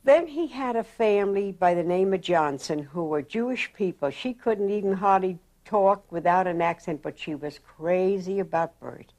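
An elderly woman recalling her youth in a slow, reflective oral history interview. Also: on the low side. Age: older. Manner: slow, reflective, animated in quotes.

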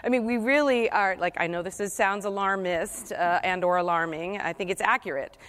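A woman's voice: mid-range voice, brisk, fairly bright tone. A woman moderating a panel discussion, conversational and passionate.

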